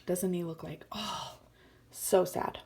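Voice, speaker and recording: A woman's voice: on the low side, fairly even intonation, slow pace, vocal fry, darkish tone. A woman teacher reading a story aloud to children, explaining words and often dropping to a whisper. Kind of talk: read-aloud lesson for children.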